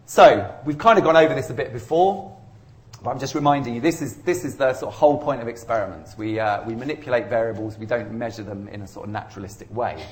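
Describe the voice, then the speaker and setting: Brief: a male lecturer, casual and rambling, dry self-mocking jokes, middle pitch. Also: quick pace, darkish tone. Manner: chatty, rambling, self-deprecating humour. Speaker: university lecturer. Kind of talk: informal statistics lecture. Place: lecture room.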